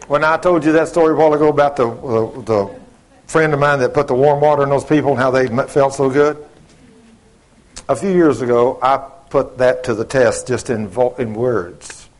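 A man's voice: medium pitch, steady tone, normal speed. A middle-aged man preaching a sermon, telling folksy stories and acting out both sides of the conversations.

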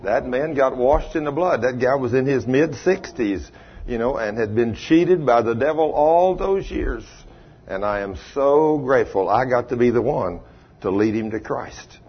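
A husky-voiced man delivers a folksy sermon full of homespun stories. His voice rises into loud bursts, then drops low and quiet. The recording is muffled and lo-fi. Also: expressive, a little slow. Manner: folksy storytelling, swinging between loud and hushed. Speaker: preacher. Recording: dull lo-fi recording.

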